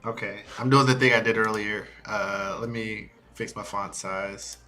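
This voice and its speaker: A man streaming a quiet coding study session, talking to himself in halting bits as he works. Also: on the low side, steady tone. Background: soft music and keyboard typing.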